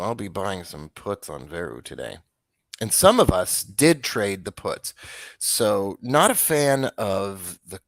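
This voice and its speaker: A man hosting a casual stock market show, rambling and restarting as he talks through trades, with a dry, flat tone. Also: sits low, dry recording. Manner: rambling, self-interrupting, offhand.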